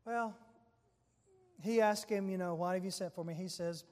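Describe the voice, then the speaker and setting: A male preacher retelling a scripture passage in a relaxed, conversational sermon, quoting verses as he goes. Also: high-pitched, moderate pace, in a large hall. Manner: conversational storytelling with quoted scripture.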